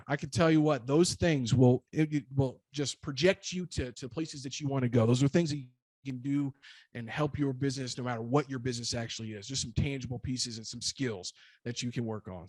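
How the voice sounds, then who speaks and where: A man's voice: medium pitch, a little mellow, no room sound. A man, a real estate broker, giving emphatic motivational advice in short, punchy, repeated phrases. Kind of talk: energetic motivational talk.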